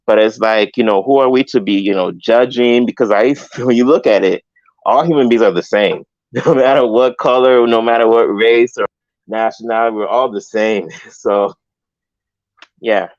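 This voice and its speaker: A man's voice: mid-range voice, normal speed, a little mellow, no room sound. Rambling man caller, dry lo-fi line. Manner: rambling, heavy on "like" and "you know". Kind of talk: call-in opinion.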